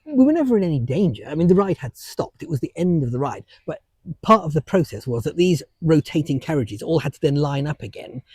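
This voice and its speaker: An older British man with a husky, mellow voice tells a chatty story, words tumbling out fast. His pitch leaps up and down animatedly, and the dry podcast sound keeps him close. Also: big pitch swings, no echo. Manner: chatty storyteller with frequent restarts and chuckles. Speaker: podcast co-host. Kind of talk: casual chat.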